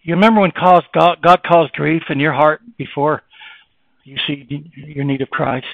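A male preacher giving a sermon, reading scripture aloud and moving between hushed, low passages and raised, fervent preaching. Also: fairly even intonation, normal speed, gravelly, no room sound, muffled recording.

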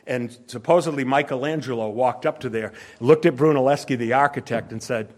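A man preaching a sermon, telling anecdotes and illustrations in a conversational way, asking his listeners questions and dropping into quiet asides between louder, emphatic lines. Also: fairly quick. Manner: drops to soft low asides, then rises with emphasis.

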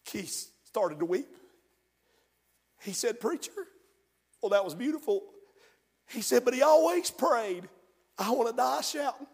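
Pastor, high ringing voice, hushed stories building to shouts, church reverb. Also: male voice, expressive, a little slow, long pauses, slightly rough. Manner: swings from hushed storytelling to shouted fervent preaching. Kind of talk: sermon. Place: church sanctuary. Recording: long hall reverb of a church.

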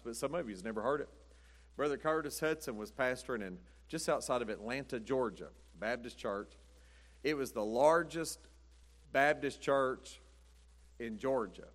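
A man's voice: medium pitch, moderate pace, fairly bright tone. A man preaching a sermon in a folksy, rambling storytelling way, chuckling often. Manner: rambling, chuckling, says "but anyway" often.

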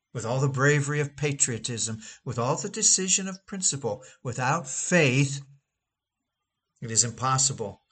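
A man's voice: on the high side, a bit bright. A man reading a sermon aloud in a dramatic, emphatic oratorical manner, drawing out key phrases. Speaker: preacher.

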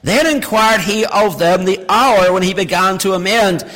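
High-voiced preacher in a reverberant hall. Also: male voice, normal speed, a bit bright. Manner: reads scripture then explains it with emphatic repetition. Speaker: pastor. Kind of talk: sermon with scripture reading.

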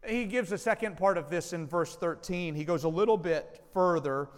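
High-voiced male pastor, echoing sanctuary. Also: normal speed, smooth. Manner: earnest, direct address to the congregation. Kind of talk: sermon. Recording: long hall reverb.

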